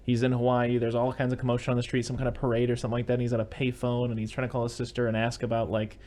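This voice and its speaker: A man's voice: mid-range voice, monotone, rapid-fire, darkish tone. A man hosting a podcast, casually recapping a film's plot in a rambling way with fillers. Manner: rambling recap with fillers, quotes scenes in put-on voices. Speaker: podcast host. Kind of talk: casual movie-review chat.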